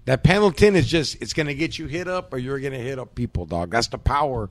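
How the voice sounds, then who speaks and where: A man's voice: mid-range voice, lively intonation, fast talker, no room sound. A man hosting a podcast, telling profane, slang-heavy stories in casual chat. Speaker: podcast host.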